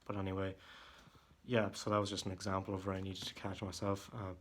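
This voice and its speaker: Deep-voiced young man, hesitant and flat. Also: a little hiss or hum. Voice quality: deep voice that cracks at times. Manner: hesitant, halting, with many fillers and restarts; irritated, venting. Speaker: vlogger. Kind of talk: casual monologue. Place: room at home.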